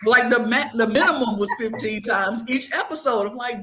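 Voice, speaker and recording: A woman co-hosting a podcast, ranting in an animated, casual way with lots of slang. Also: on the high side, moderate pace, hardly any pauses. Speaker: podcast co-host.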